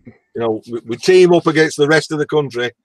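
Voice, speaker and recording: A man's voice: on the high side, fairly quick, no room sound, rough recording. A man from Lancashire with a northern English accent, telling stories in casual chat with dry humor. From Lancashire, England. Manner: chatty storyteller, dry humor.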